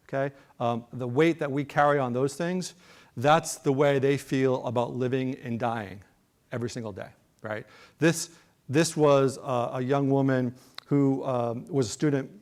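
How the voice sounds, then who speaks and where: A man's voice: mid-range voice, darkish tone. Middle-aged man speaking with frequent fillers. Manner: conversational, with frequent fillers and rhetorical "okay?". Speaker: guest speaker, polling director. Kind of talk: conference talk and TV interview.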